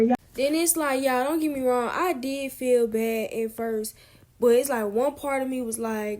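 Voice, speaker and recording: A woman's voice: on the high side, steady tone, a little fast, dark tone. A young woman vlogger telling a casual storytime in a chatty, sassy way, acting out what people said. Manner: chatty, sassy, acts out quoted lines.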